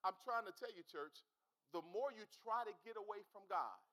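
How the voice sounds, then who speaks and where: A man's voice: high voice, lively intonation, normal speed, sharp tone, low-quality recording. A male pastor preaching a fervent sermon in a church, repeating his points and calling out to the congregation. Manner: fervent, repetitive, calls out to the congregation.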